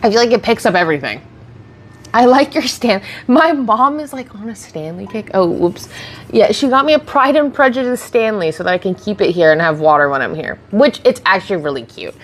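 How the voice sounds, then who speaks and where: This woman has a mid-range, expressive voice and talks fairly quickly. She's livestreaming a casual get-ready-with-me session, rambling and chatting as she responds to viewers' questions into a close streaming mic.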